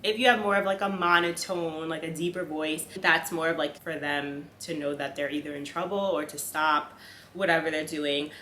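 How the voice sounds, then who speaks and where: Chatty low-voiced woman vlogging. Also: steady tone, normal speed, bright, forceful tone. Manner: chatty, filler-heavy, talks to her dog between tips. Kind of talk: casual chat to camera. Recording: echoey room, faint room noise.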